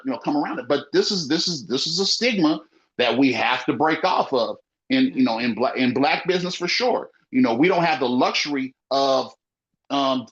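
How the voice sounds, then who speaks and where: A man's voice: on the high side, fairly bright tone. A man who owns a small business talks in a casual podcast conversation, emphatic and repetitive, leaning on "you know,". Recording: muffled lo-fi audio.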